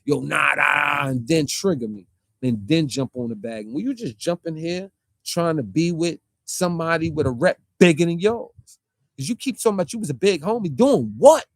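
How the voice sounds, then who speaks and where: A man's voice: on the high side, no echo, clean studio sound. A man delivering a heated, confrontational street-talk rant, firing rhetorical questions and mocking the person he calls out. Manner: confrontational, rapid-fire rhetorical questions, mocking quoted voices. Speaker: online commentator.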